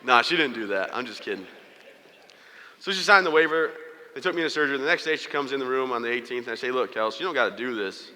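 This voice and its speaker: A man with a bright, forceful voice delivers a motivational talk at a brisk clip. He tells his story with jokes and plays the other people in it. The sound carries a long hall reverb. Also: mid-range voice, expressive. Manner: storytelling with humor, quoting others in character. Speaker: motivational speaker. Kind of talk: motivational keynote speech. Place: large hall before an audience.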